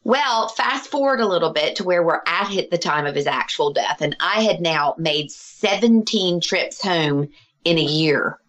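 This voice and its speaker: A woman's voice: on the low side, unhurried. A middle-aged woman, a healer, earnestly telling a personal story in conversation and acting out the voices of the people in it. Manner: earnest, animated, acts out quoted voices.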